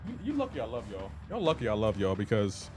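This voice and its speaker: A man's voice: fairly low pitch, huge pitch swings, fast talker, darkish tone, faint music behind. A man streaming a game live, chatting casually and playfully indignant as he banters with his chat.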